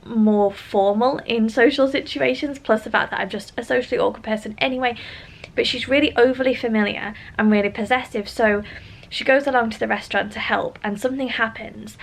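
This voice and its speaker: A woman's voice: on the high side, fairly even intonation, a little fast, creaky. A middle-aged British woman chatting candidly and with exasperation as she reviews a book, filmed on a phone. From United Kingdom. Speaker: book vlogger. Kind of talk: casual chat, book review. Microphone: phone camera.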